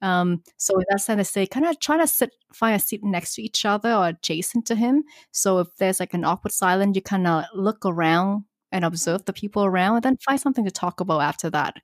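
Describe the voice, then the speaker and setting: A woman's voice: medium pitch, expressive, fairly quick, hardly any pauses, no echo, clean studio sound. A woman co-hosting a podcast, giving advice in casual chat with many fillers. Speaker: podcast co-host giving dating tips.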